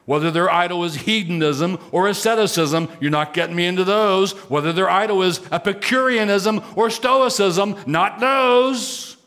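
A preacher with a slightly high male voice delivers a sermon. He drops into quiet, conversational asides and then rises into emphatic, raised declarations. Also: moderate pace, few pauses. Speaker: pastor.

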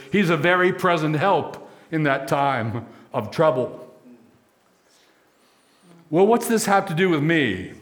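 A man preaching a sermon as pastor, emphatic, stacking repeated phrases and slowing for key lines. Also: on the high side, very animated, a bit bright.

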